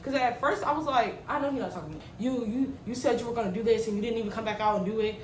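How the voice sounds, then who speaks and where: A woman in her twenties telling a slangy, animated story while she cooks in her kitchen. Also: on the high side, fast, few pauses, a little hiss or hum. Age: 20s. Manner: animated, slangy, swings loud when retelling. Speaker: vlogger. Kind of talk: storytime vlog while cooking. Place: home kitchen. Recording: echoey room, mic at a distance.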